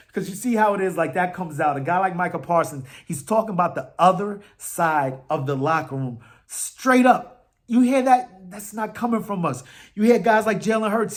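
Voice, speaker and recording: A man hosting a fan podcast, talking football in a casual, animated, trash-talking way, full of slang and fillers. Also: a little high.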